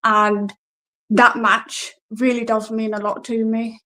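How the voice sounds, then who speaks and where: A wrestler, talking in a casual, hesitant way and often laughing at herself. Her voice sits a little high for a woman. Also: flat delivery, slow, pushed and bright, poor audio. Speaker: guest wrestler. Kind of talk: casual interview answers.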